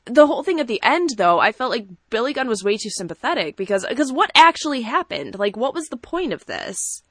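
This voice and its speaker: A woman co-hosting a podcast in casual chat, animated and laughing often as she acts out quotes. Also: a little high, fairly quick, dry recording. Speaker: podcast co-host. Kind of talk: casual chat about wrestling.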